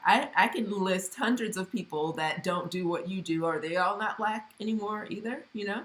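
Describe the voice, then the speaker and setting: A woman from Honduras co-hosting a casual conversation, animated and acting out what other people say. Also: medium pitch, normal speed, hardly any pauses, echoey room. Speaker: co-host.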